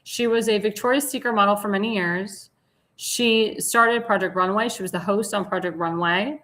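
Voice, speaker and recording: A woman hosting a commentary show in a bright, forceful voice at an ordinary pitch. She talks bluntly and with indignant scorn. She rambles and sometimes trails off while searching for a word. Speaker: talk show host. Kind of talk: opinionated commentary on slides.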